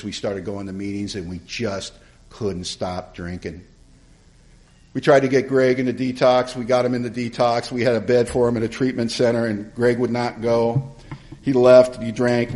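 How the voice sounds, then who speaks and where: A middle-aged man telling his recovery story to a live conference audience, in a humorous, colloquial, animated way. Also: mid-range voice. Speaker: AA speaker.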